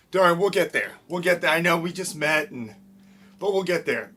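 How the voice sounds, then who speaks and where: A man's voice: on the high side, expressive, moderate pace, bright, forceful tone. A man hosting a children's library storytime, playful and upbeat, leading sing-along songs and reading a picture book aloud. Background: his own acoustic guitar.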